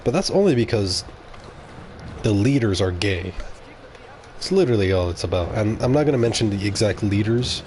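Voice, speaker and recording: A man's voice: fairly low pitch, lively intonation, moderate pace, long pauses, a little mellow, a little hiss or hum. A man streaming live, rambling bluntly and talking straight to his chat. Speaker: game streamer.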